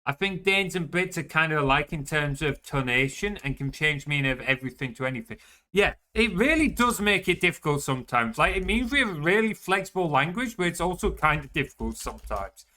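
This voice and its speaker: A man's voice: on the high side, lively intonation, brisk, bright, forceful tone. A man explaining things in casual voice chat while gaming, padding his talk with many fillers. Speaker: server player.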